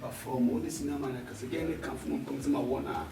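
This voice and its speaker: A Ghanaian man bantering loudly in a comedy skit, laughing often. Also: medium pitch, steady tone, very fast, vocal fry. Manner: loud, boisterous pidgin banter, laughing often. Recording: echoey room from far off, faint noise.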